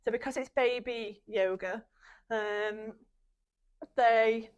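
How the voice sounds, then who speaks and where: A woman's voice: on the high side, fairly even intonation, slow, clean tone, highs cut off. Chatty woman podcast host. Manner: chatty storytelling, laughs often. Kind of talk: casual chat.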